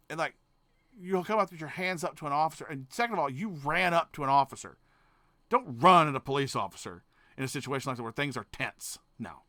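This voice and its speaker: A man hosting a reaction video, cursing and ranting as he goes, dropping to mutters and then bursting into shouts, often trailing off and restarting his sentences. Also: on the high side, no echo. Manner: profane, ranting, swings between mutters and shouts. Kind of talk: casual reaction commentary.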